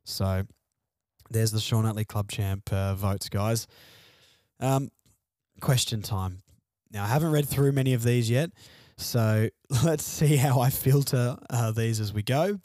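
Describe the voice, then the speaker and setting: A man's voice: medium pitch, measured pace, mellow, no room sound, clean studio sound. A man hosting a fan podcast alone, venting frustrated, sardonic opinions about his team's loss. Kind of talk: solo sports podcast rant.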